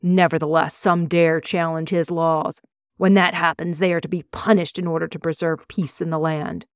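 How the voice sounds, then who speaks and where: A cruel young prince proclaims from a dragon's back in a storybook reading, voiced by a woman. He speaks in a commanding, declaiming way, his voice pitched low. The sound is dry and close. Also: little pitch movement, normal speed, clean tone, no room sound, natural voice. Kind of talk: audiobook reading.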